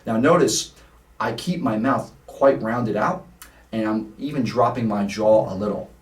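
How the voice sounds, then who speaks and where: A man's voice: on the low side, measured pace. A man teaching a singing lesson, explaining vowels patiently and singing short vowel examples. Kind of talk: vocal lesson. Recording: roomy sound, mic at a distance.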